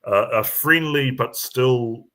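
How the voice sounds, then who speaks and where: A man with a New Zealand accent chatting casually, halting with many fillers and restarts. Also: mid-range voice, pushed and bright. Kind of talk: casual chat.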